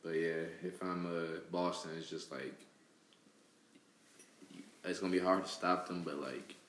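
A man's voice: low voice, fairly even intonation, unhurried, fairly bright tone. A man giving a casual, rambling sports take full of fillers. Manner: loose, rambling analysis with filler words. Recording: echoey room with faint background noise.

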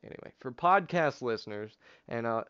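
Dude rambling through a story on a podcast, smooth voice, kinda dull online-call sound. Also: male voice, medium pitch, expressive, moderate pace, fairly bright tone. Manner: rambling storyteller, swears, many fillers. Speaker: podcast host. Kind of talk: casual chat. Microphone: headset over online voice chat.

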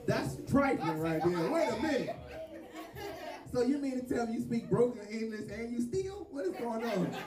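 A man's voice: very high voice, sing-song, moderate pace, a crowd in the background. A man hosting a comedy show, riffing in loose, joking bursts between laughs. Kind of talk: stand-up comedy. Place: live venue stage. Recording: roomy hall from a distance with music.

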